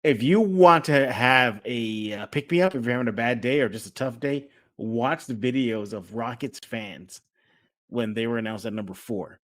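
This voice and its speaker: A man's voice: mid-range voice, moderate pace, fairly bright tone. A man hosting a casual sports podcast, talking with energy and acting out fan reactions. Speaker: podcast host.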